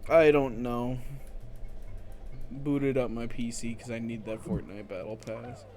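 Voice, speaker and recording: A man's voice: mid-range voice, steady tone, unhurried, darkish tone, faint music behind. A man co-hosting a gaming channel, chatting casually and joking while he plays. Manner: laid-back, jokey, swears casually. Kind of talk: casual chat over gameplay.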